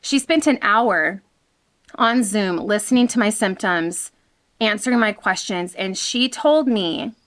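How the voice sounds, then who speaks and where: Woman vlogging outside, candid and animated, talks right to her viewers. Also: mid-range voice, measured pace. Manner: frank and animated, talking straight to viewers. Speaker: vlog host. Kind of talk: candid personal vlog talk.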